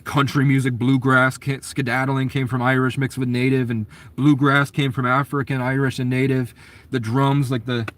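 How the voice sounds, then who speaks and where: A man delivers a swearing, conspiratorial monologue in a middle-pitched voice. He leaps from idea to idea, speeding up in restless bursts and then trailing off. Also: flat delivery, moderate pace, fairly bright tone. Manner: profane, conspiratorial rant, jumps between ideas. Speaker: documentary subject. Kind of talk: rambling monologue.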